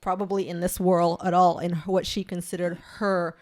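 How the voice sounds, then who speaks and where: A woman's voice: on the low side, flat delivery, moderate pace, a little mellow. A woman from Belize, a guest author, telling a personal story in earnest with many restarts. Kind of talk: conversational interview.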